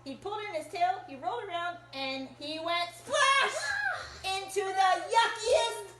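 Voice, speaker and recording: A woman reading a picture book aloud to children in an animated, encouraging way and asking them to join in. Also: very high voice, a little slow, very noisy. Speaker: storytime reader. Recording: echoey room.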